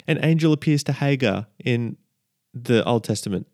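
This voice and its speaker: A man's voice: mid-range voice, animated, brisk, darkish tone, dry recording, studio quality. A man hosting a casual devotional podcast, chatty and repeating his key lines as he checks in with listeners. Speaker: podcast host.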